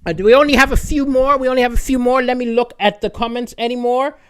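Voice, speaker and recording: A man hosting a comedy live stream, telling stories and answering viewer comments in a chatty manner that rises to excited emphasis, talking into a streaming microphone. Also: very high-pitched, fast talker, clean tone. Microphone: streaming microphone with adjustable levels.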